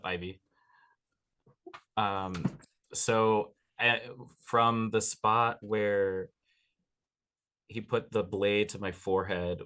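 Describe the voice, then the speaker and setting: Male player, low voice, hesitant and searching, plans moves out loud. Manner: hesitant, many fillers and restarts while planning moves. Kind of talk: tabletop role-play, describing his character's actions.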